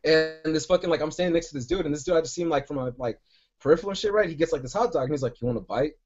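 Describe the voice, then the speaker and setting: A man's voice: fairly high pitch, rapid-fire, a little mellow, faint music behind. Rambling, profane young-sounding man. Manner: rambling, profane, lots of "like" and "right?". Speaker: podcast co-host. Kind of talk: casual storytelling. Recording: dull lo-fi sound.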